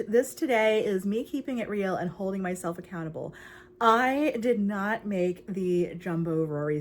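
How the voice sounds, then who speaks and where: A woman's voice: mid-range voice, darkish tone, a little hiss or hum. Young woman, bubbly crochet vlogger, chatty, filler-heavy, at home on a camera mic. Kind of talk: casual crafting vlog.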